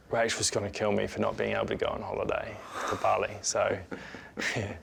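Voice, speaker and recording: A young man from New Zealand, an injured soldier, talking plainly with halting fillers in a TV interview. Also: lowish voice, level tone, vocal fry, fairly bright tone, slight background noise. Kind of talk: TV interview recollection. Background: music underscore.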